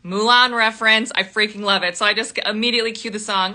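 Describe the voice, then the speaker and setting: A young woman hosting a live book club, chatting animatedly about a novel, laughing often and filling pauses with ums. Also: fairly high pitch, pushed and bright. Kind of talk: casual book chat on a livestream.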